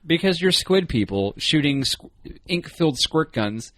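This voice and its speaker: A man co-hosting a podcast in casual chat, animated and playful, acting out quotes in goofy voices. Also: on the high side, a little slow, no echo. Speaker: podcast co-host.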